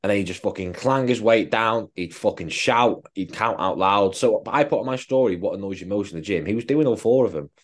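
A man's voice: on the low side, a little fast, few pauses. A man co-hosting a podcast, a fitness coach chatting casually and swearing bluntly. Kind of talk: casual chat.

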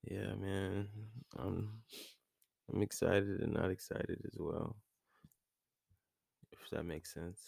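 A man's voice: deep voice, fairly even intonation, slow, gravelly, pauses often, a little mellow, no room sound, clean studio sound. A young man co-hosting a casual chat, laid-back and slangy. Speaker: podcast co-host.

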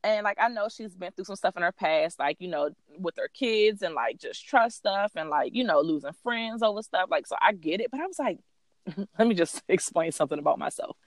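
A woman in her thirties co-hosting a podcast, telling a long story in an animated, profane way with plenty of fillers. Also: fairly low pitch, a little fast, dry recording, clean studio sound. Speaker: podcast co-host. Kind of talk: casual storytelling chat.

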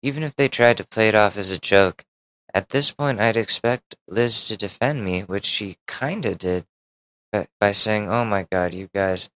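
A man's voice: lowish voice, normal speed, bright, forceful tone, clear, resonant tone, low-quality recording. A man, a podcast host, reading a Reddit post aloud and breaking in with wry asides and casual swearing.

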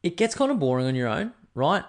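A man's voice: a little high, big pitch swings, fast talker. A man hosting a podcast, rambling in a loose, chatty way and swearing freely. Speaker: podcast host. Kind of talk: casual chat.

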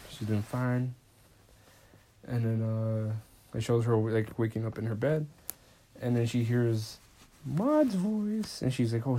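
A man's voice: lowish voice, mellow. A young man casually recapping a movie on his podcast, rambling, swearing often and quoting the characters. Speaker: podcast host.

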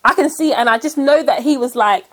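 Fast-talking woman telling a story. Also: high voice, a bit bright. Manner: chatty storyteller, acts out what people said. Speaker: podcast co-host. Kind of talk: casual chat.

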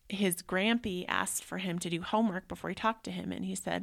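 A woman's voice: on the low side, steady tone, fairly quick, creaky, hardly any pauses, fairly bright tone, no room sound, clean studio sound. A woman in her thirties hosting a podcast, telling a personal story in a conversational, heartfelt way, full of "like"s. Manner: conversational, many "like"s, emotional and heartfelt. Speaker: podcast host.

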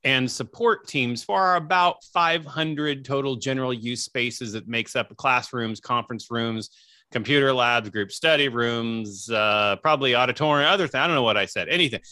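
A man's voice: mid-range voice, normal speed, sharp tone, no echo, studio quality. An American man as an interview guest on a video call, easygoing with self-mocking humor. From United States. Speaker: guest, university AV director. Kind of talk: casual interview chat.

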